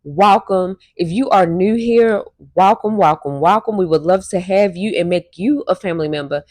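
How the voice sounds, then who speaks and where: A woman's voice: fairly low pitch, moderate pace, darkish tone, no echo. A woman hosting her own channel, chatty and full of slang as she retells a story with blunt, profane asides. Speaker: YouTube channel host. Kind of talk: storytime reaction commentary.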